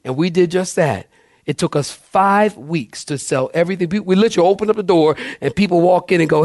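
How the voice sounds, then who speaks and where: High-voiced animated preaching man. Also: brisk, no echo, clean studio sound. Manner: animated, acts out dialogue in a raised voice. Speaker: pastor. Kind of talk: storytelling sermon.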